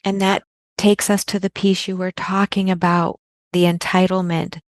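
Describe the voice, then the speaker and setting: Low-voiced woman with a gravelly edge. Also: flat delivery, normal speed, no room sound. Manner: earnest, emphatic, repeats key words for stress. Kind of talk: podcast conversation.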